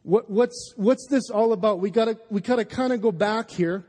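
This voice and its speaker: A man preaches with rising fervor, his voice sitting notably high as he pushes his points home. He trips over restarts and repeats himself in his eagerness. The sound carries the long reverb of a large church hall. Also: normal speed, warm tone. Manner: impassioned, emphatic, with stammering restarts. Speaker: pastor. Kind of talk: sermon. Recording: live sermon in a reverberant hall.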